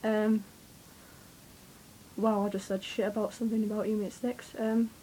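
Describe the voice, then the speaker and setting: A young woman, telling a rambling, excitable story to camera, swearing freely and with lots of fillers. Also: mid-range voice, moderate pace, slight background noise, rough recording. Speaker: vlogger.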